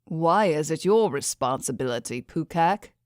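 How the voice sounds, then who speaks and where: A woman voicing a calm, skeptical young man who questions measuredly in an audiobook. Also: deep voice, normal speed, no echo, clean studio sound.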